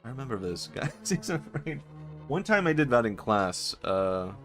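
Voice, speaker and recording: A man's voice: mid-range voice, big pitch swings, moderate pace, fairly bright tone, faint music behind. A man streaming a game, chatting casually and riffing on silly ideas with frequent laughs. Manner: rambling, giggly, riffing on silly bits. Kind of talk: casual gameplay chat.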